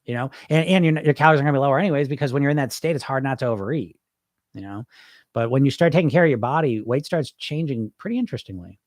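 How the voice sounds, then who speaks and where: Talking rapid-fire in a mid-range voice, a man hosts a live podcast and goes through chat comments. The recording is dry and studio quality. He's blunt and emphatic, repeating his points for effect.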